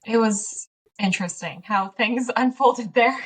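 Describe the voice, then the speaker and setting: Speaking slowly with a fairly high, slightly rough voice, a woman who owns a small business chats as a podcast guest. The casual interview finds her telling animated stories, laughing frequently and playing out earlier conversations. She's a bit distant from the mic.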